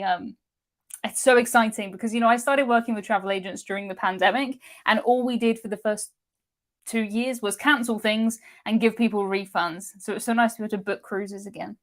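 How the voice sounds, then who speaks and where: A woman hosting a cruise live stream, chatting casually and reading out viewer comments with frequent laughs. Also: on the high side. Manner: chatty, laughs often, excitable.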